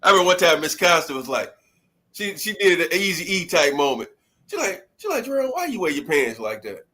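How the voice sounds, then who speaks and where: Bright, high-pitched storytelling man. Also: fairly quick. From Detroit. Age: 40s. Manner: animated storyteller, laughs often, acts out quotes. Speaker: co-host. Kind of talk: casual reminiscing chat.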